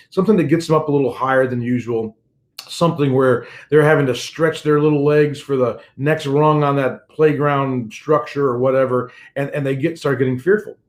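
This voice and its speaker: An older man, a pastor and grandfather, giving an earnest devotional message with a personal touch and repeating key phrases for emphasis. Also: medium pitch.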